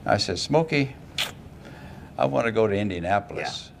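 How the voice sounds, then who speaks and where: An older man as an interview guest, telling folksy stories and acting out quoted lines in lively voices. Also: on the low side, normal speed, creaky, a little hiss or hum. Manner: folksy anecdotes, quoting others in lively voices. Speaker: interview guest, retired racing driver. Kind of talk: casual storytelling interview.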